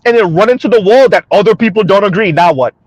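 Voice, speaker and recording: A fast-talking man with a high voice hosts a casual commentary vlog, recorded without echo. He addresses viewers head-on in a mocking tone, laughing often and asking "right?" repeatedly.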